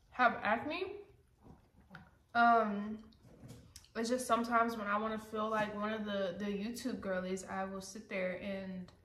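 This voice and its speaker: A woman's voice: medium pitch, a bit bright. A young woman vlogger chatting casually and rambling, sometimes talking with her mouth full while eating at home. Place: indoors at home, sitting hunched over. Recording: roomy home recording with faint noise.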